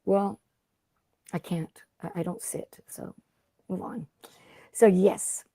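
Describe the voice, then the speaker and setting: A woman's voice: medium pitch, fairly even intonation, takes it slowly, dark tone, dry recording, clean studio sound. A middle-aged woman hosting a casual craft livestream, rambling and chatty as she greets viewers by name. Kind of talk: casual live-stream chat.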